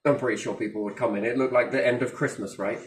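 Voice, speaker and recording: A man's voice: mid-range voice, steady tone, quick pace, a little hiss or hum. A man in casual chat, rambling and swearing, joking and acting out little dialogues. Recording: roomy echo.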